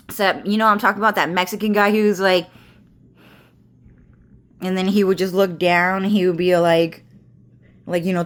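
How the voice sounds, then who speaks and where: A woman vlogging from home, ranting to camera in a rambling, agitated way with constant swearing and repetition. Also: medium pitch.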